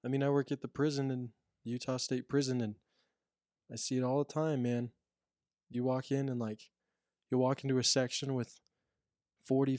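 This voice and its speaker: A prison officer tells stories in a casual podcast chat, rambling with lots of restarts and fillers. His medium-pitched voice is a little mellow. The recording is dry, with clean studio sound.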